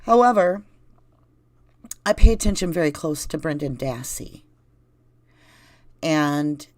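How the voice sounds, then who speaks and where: Her low, slightly mellow voice carries a Southern US accent as she reads the live chat on her own channel. The host wanders from thought to thought, addressing viewers directly in a casual livestream, with no echo.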